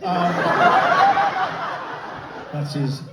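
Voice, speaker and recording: A man's voice: very slow, far from the mic. A man doing a sardonic, sweary stand-up set, stammering through impressions of small talk. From England. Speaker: stand-up comedian. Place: comedy club stage before a laughing audience. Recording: roomy live sound from off-mic, loud crowd and noise.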